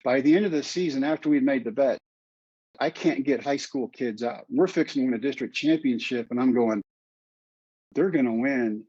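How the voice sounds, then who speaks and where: A man's voice: mid-range voice, a little fast, darkish tone, slightly rough, no room sound, muffled recording. A middle-aged man, a podcast guest, telling his story earnestly and repeating phrases for emphasis.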